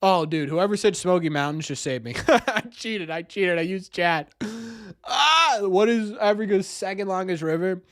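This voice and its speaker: A man's voice: high voice, moderate pace, few pauses, dry recording, clean studio sound. A young man streaming, thinking aloud through a quiz and mocking himself when he gets answers wrong. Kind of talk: live stream chat.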